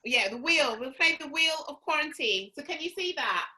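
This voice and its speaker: A woman's voice: high-pitched, lively intonation, moderate pace, sharp tone. A woman hosting a casual comedy chat game, playful and giggly. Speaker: host running a chat game.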